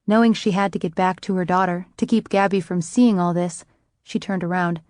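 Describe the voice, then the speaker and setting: A woman narrating a romance audiobook in a measured, even storytelling manner. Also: fairly low pitch, no echo, studio quality.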